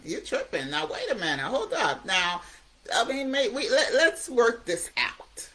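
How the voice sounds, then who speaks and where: A woman's voice: a little high, very animated, measured pace, a bit bright, voice pushed up. A woman voicing the manipulative inner voice of addiction, wheedling and demanding.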